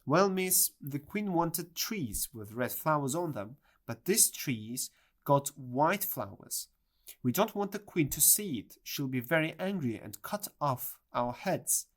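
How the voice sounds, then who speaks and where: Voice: medium pitch, sing-song, takes it slowly. A nervous, humble gardener from a storybook, as the reader puts him on. He explains hesitantly and apologetically, his voice moving up and down a lot.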